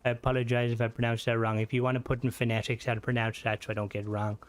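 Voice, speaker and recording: A man streaming a game, chatting loosely with viewers while he plays, swearing freely and breaking into excited outbursts. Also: medium pitch, rapid-fire. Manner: rambling, profane, reads and answers chat while playing; excitable outbursts during gameplay. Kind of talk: casual gaming livestream chat.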